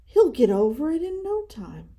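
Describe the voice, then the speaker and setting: A woman's voice: high-pitched, sing-song, normal speed, dark tone, pitched above the performer's own voice. A woman voicing a cheerful, reassuring father bear in a storybook reading.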